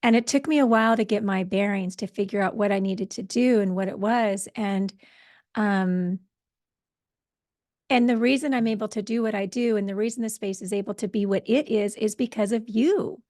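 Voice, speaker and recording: A woman's voice: a little high, darkish tone. A woman hosting an online healing circle over a video call, talking in a casual, effusive way and slipping in chanted spiritual phrases. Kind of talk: casual welcoming talk.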